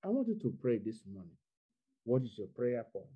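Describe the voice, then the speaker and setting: A man's voice: medium pitch, very animated, brisk, slightly rough. Man preaching over lo-fi audio. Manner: repetitive, building to fervent exhortation. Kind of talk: sermon. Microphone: online video call.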